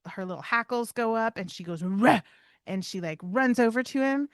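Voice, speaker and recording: A woman's voice: mid-range voice, a bit bright, no echo, clean studio sound. A woman co-hosting a podcast, explaining dog behavior in casual chat and acting out little bits of dog dialogue. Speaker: podcast co-host, dog trainer.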